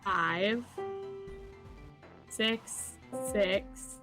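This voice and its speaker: Slow-talking giggly woman streamer. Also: mid-range voice, sharp tone, faint music behind. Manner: giggly, reads character lines slowly. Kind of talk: reading a visual novel aloud on stream.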